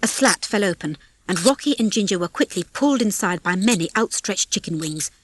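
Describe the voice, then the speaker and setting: A woman reading a children's storybook aloud as narrator, in a lively, expressive way on a close mic. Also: medium pitch, a little fast, breathy edge, no room sound. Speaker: audiobook reader. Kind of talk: scripted narration.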